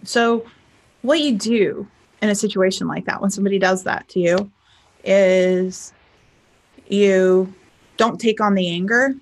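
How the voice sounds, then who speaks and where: A woman life coach talks straight to her camera in a loose, conversational teaching style. She keeps checking in with a quick "okay?" and slips into lively acted-out voices when she plays both sides of a quarrel. Her voice sits at a middle pitch for a woman. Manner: chatty, animated, frequent "okay?" check-ins, acts out arguments.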